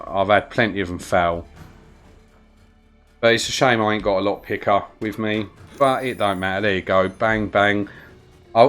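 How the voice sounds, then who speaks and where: A man's voice: lowish voice, a bit bright. A man with a London accent giving chatty, rambling gameplay commentary on a live stream and greeting viewers in the chat as he plays. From London, England.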